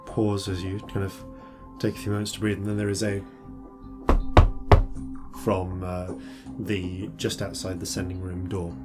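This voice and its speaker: A man's voice: deep voice, flat delivery, a little slow, long pauses, loud music behind the voice. A man narrating as game master of a tabletop game, hesitant and full of fillers. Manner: hesitant, many fillers and restarts.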